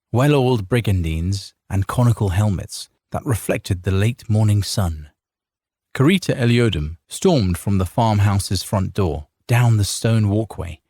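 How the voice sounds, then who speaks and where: A man narrates a fantasy novel in a measured, dramatic way, his lowish voice rising and falling with lively expression. There is a slight huskiness to it. The recording is dry and close, with no room sound. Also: slightly rough, no room sound. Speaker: audiobook narrator.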